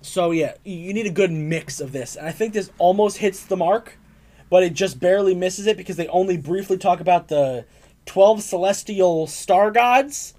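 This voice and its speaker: A man's voice: sits high, moderate pace, darkish tone. Rambling young man reviewing comics. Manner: rambling, filler-heavy, laughs often. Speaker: comic book podcast co-host. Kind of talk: casual review chat.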